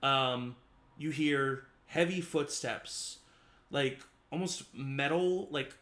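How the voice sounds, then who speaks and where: A man's voice: medium pitch, slow pace, pushed and bright, roomy sound. A man narrating as game master of a tabletop game, hesitant and full of "um"s and "uh"s. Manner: hesitant, with many "um"s and "uh"s.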